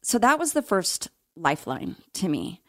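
A woman's voice: on the low side, very animated, normal speed, no room sound, studio quality. A middle-aged woman, an interview guest, telling her personal story in a candid, reflective way with occasional laughs.

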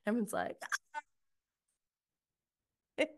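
A woman chatting through a casual show recap, giggly and gushing one moment and exasperated the next. Her voice is bright and sharp, and she takes her time with the words. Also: mid-range voice, lively intonation, measured pace. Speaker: TV show reviewer.

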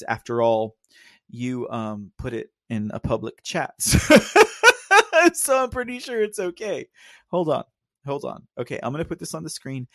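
This livestream host has a Texan drawl and a mid-range voice, captured in a dry, studio-quality recording. He rambles casually, laughs a lot, and talks directly to his chat.

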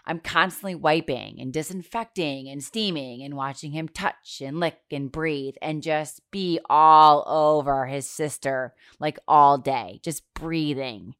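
Woman, 30s, podcast host, casual chat, self-deprecating, deep voice, dry close mic. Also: a little slow, hardly any pauses, smooth, dry recording.

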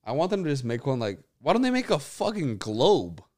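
A man's voice: mid-range voice, wildly swooping pitch, fairly quick, darkish tone. A man in his twenties, casual and profane, joking and rambling on a sports chat show. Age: 20s. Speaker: podcast co-host.

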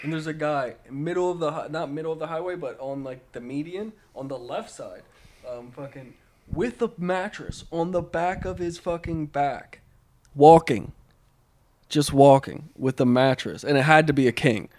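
A man's voice: on the high side, normal speed, darkish tone. A young man chatting casually on a podcast, laid-back, swearing a lot and laughing often. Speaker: podcast co-host. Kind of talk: casual chat.

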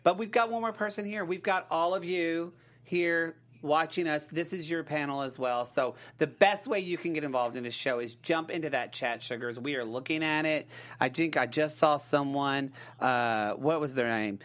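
A man co-hosting a casual TV fan chat show, animated and playful, often breaking into sing-song hype. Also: a little high, normal speed. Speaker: co-host.

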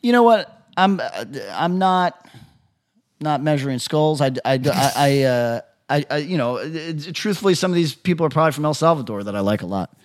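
A man's voice: on the high side, expressive, normal speed. A man co-hosting a podcast, talking in brash, profane, joking banter. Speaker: podcast co-host. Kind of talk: casual crude podcast banter.

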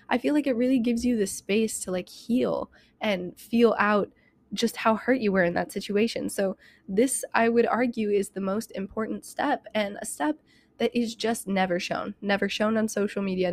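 A young woman hosting a self-help podcast, talking fast and candidly with lots of "like" and "you know", a bit out of breath. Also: mid-range voice, no echo. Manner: rapid, chatty, heavy use of "like" and "you know", candid and emphatic. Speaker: podcast host.

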